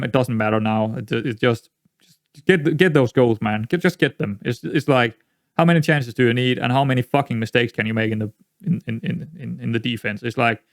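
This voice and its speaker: A man's voice: mid-range voice, no echo, clean studio sound. A man giving rambling, exasperated commentary while playing a management game, often repeating himself. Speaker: gaming YouTuber. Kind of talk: let's-play commentary.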